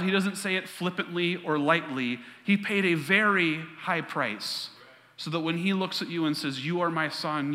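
A man preaching a sermon as pastor, emphatic, repeating key lines, with quick asides. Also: on the high side, sharp tone. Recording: long reverb of a large hall.

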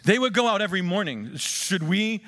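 A man preaching a sermon, swinging between emphatic rises and quiet drops, and drawing the congregation into questions and call-and-response. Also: high-pitched, expressive, normal speed. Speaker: pastor. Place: church sanctuary. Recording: long church reverb.

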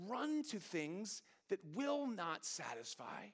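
A man's voice: medium pitch, animated, normal speed, sharp tone, a faint crowd, a little hiss or hum. A middle-aged man pastor, delivering a sermon that moves from funny storytelling to fervent preaching.

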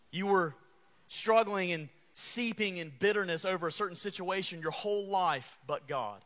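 A man's voice: high voice, sharp tone. A man preaching a sermon, calling out to the congregation and repeating refrains. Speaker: pastor.

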